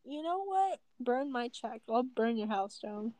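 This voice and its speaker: A young woman with a slightly high voice trades playful jabs with a friend on a casual chat podcast. She is giggly and teasing, and her own microphone sounds dry and close. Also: animated, a little slow, a little mellow, dry recording. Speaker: co-host.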